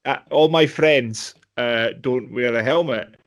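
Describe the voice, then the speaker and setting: A man's voice: medium pitch, unhurried. A man hosting a podcast, chatting in a loose, rambling way full of fillers. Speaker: podcast host. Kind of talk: casual chat.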